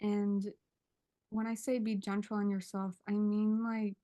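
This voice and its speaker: A woman's voice: mid-range voice, level tone, dark tone. Emotional woman sharing heartfelt testimony. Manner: earnest, searching for words, slow pauses. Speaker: guest. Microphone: video call.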